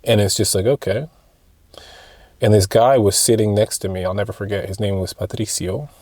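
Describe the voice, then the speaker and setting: Young man, casual rambling storytelling, mellow dark voice, dry close sound. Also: lowish voice, moderate pace, no room sound. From United States. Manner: rambling, animated retelling with frequent fillers and restarts. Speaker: vlogger.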